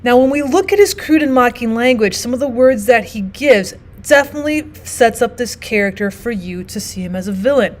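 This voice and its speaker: A woman teacher who narrates a recorded literature lesson in a steady, explanatory way. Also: a little high, fairly quick, hardly any pauses. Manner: explanatory, steady, often starts with "now" and "so".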